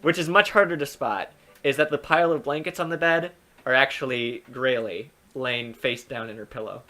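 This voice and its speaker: Man, game master, tabletop narration, relaxed, hesitant. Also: mid-range voice, normal speed.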